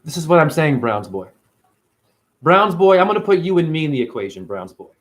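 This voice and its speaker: A man's voice: on the high side, sing-song, a little fast. A man hosting a casual livestream, talking animatedly and profanely and answering viewers by name. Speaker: livestream host reading chat.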